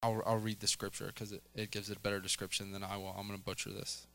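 A man's voice: fairly low pitch, little pitch movement, quick pace, vocal fry, sharp tone. A middle-aged man preaching a casual sermon, chatty, with many fillers and a habit of asking "right?". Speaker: lay preacher.

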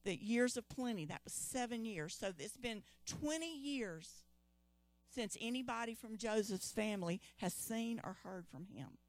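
A woman preacher with a slightly high voice tells a Bible story in a lively way, calling out to her listeners. The sound is dry and close. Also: measured pace, no room sound. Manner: lively, calls out to the congregation.

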